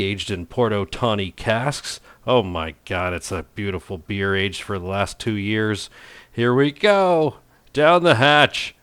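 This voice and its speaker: With a voice on the low side and a bit bright, a man narrates a casual cooking vlog, goofing around playfully and poking fun at himself. The recording is dry.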